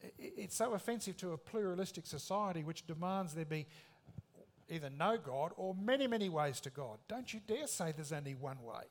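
A man's voice: a little high, expressive, a little fast. A man preaching a sermon in an emphatic, conversational way, with rhetorical questions.

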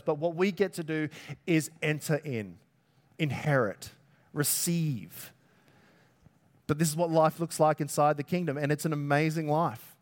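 A man preaching a sermon with a fairly high-pitched voice. He talks in a loose, conversational way, keeps his energy up and drops in jokey asides. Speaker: pastor.

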